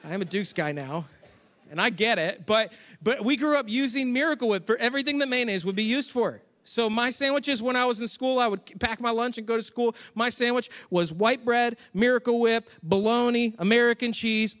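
Man, pastor, high voice, animated conversational sermon, church sanctuary, long reverb. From Western New York. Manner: animated, chatty asides to the congregation.

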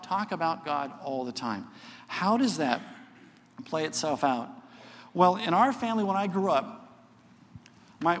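A middle-aged man teaching a sermon to a church, earnest and conversational, often checking in with "okay?". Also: on the high side. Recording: long hall reverb.

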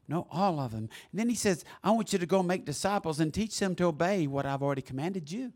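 A man preaching a sermon in a church, swinging from soft reflection to loud exclamations. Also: on the high side, expressive, fast talker, hardly any pauses. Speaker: pastor. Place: church sanctuary.

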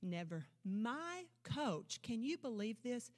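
This woman pastor's church sermon is slow, with big swings in pitch. She moves from loud proclamations to low, intense asides, using emphatic declarations and rhetorical questions throughout.

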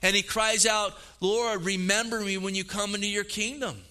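A middle-aged male pastor preaches an animated sermon at a moderate pace in a high voice. He acts out quoted voices and repeats words as he goes.

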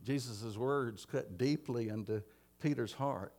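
A man preaching a sermon in a church, swinging between emphatic lines and hushed ones. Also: medium pitch, unhurried.

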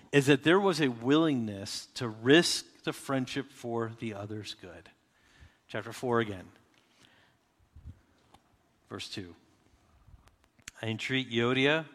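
A man's voice: medium pitch, fairly bright tone, big-room sound. A man preaching a sermon as pastor, talking in a conversational way and acting out quoted voices.

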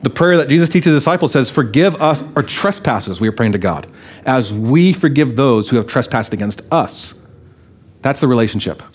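A man's voice: moderate pace, husky. A man, a pastor, preaching a sermon, animatedly acting out the voices of the people he quotes. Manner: animated, acts out quoted voices with raised pitch.

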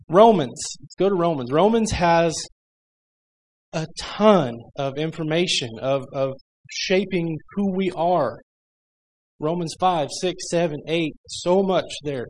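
A man's voice: fairly high pitch, poor audio. Man teaching a church Bible class. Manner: conversational, jokey, reads scripture aloud.

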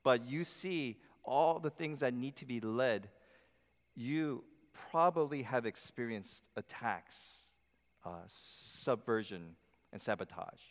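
A middle-aged man preaching a sermon as pastor, animated, with acted asides to the congregation. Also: medium pitch, slow. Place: church sanctuary. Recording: long hall reverb.

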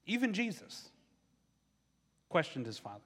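Bright-voiced male pastor preaching in a hall. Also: sing-song, unhurried, slightly rough. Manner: conversational preaching, acts out voices of questioners with rising pitch. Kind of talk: sermon.

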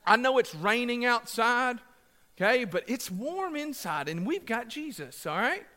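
A man's voice: very high-pitched, very animated, unhurried, bright, forceful tone, long reverb tail. A man preaching a sermon to a congregation, passionate and emphatic, with repeated phrases and asides that joke with the crowd. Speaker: pastor. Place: church sanctuary.

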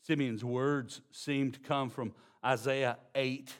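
A pastor with a Texan accent and a medium-pitched voice preaches a sermon. He drops to slow, hushed emphasis, then builds into loud, excited storytelling.

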